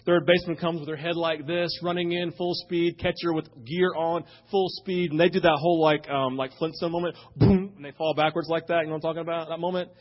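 A middle-aged pastor, preaching and telling a story, swinging between loud punches and hushed moments. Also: male voice, on the high side, little pitch movement, a little fast, few pauses, highs cut off. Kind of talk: sermon.

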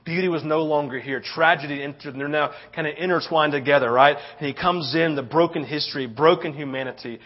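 A man's voice: fairly high pitch, fairly quick, hardly any pauses. A middle-aged man preaching a sermon, telling a story with lots of "right?" tag questions. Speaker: pastor. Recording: dull lo-fi sound.

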